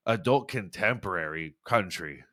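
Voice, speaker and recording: A man's voice: low-pitched, expressive, moderate pace, sharp tone, dry recording, clean studio sound. A young man hosting a casual podcast, ranting in a rambling, profane way with lots of stumbling restarts. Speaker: podcast host.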